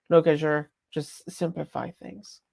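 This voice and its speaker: A woman's voice: low-pitched, gravelly, a little mellow, no echo. A woman with a French accent chatting casually on a live stream, rambling and breaking off her own sentences. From France. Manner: rambling, chatty, self-interrupting.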